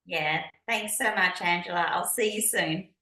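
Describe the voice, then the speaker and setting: Australian female coach, lowish bright voice, chatty, echoey room over video call. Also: unhurried. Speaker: business coach guest. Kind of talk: casual interview chat.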